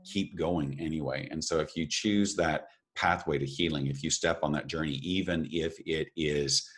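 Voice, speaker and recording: Very deep-voiced earnest man. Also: fairly even intonation, normal speed, breathy edge. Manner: earnest, encouraging, repeats phrases for emphasis. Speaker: podcast co-host. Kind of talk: reflective conversational talk.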